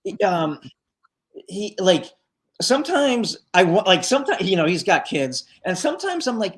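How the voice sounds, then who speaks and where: A man's voice: high voice, very animated, normal speed, a bit bright. A man chatting as a guest on a live show, leading a tribute band and telling a winding story. He keeps stacking fillers and restarts, then jumps into little acted-out quotes of the people in it. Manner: rambling, full of fillers, acts out quoted lines. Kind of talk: casual storytelling in a live interview.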